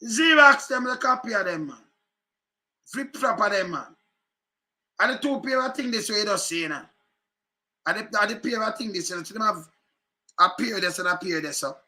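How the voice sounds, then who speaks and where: A Jamaican man talks over political clips in loose, animated patois, circling back to repeat his points. His voice sits high and rings very bright and sharp. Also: moderate pace, long pauses. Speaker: political commentator. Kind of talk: casual commentary on news clips.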